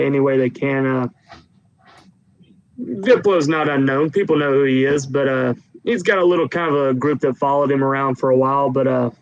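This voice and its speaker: A man voicing a loud, blustering, heavyset male official who talks crudely in a tabletop game. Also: medium pitch, lightly acted, poor audio. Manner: gruff, crude, talks loudly.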